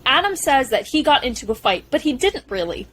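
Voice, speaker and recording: A young woman co-hosting a podcast, eagerly retelling film scenes in a gushing, animated way. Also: sits high, a little fast. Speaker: podcast co-host. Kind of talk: casual film discussion chat.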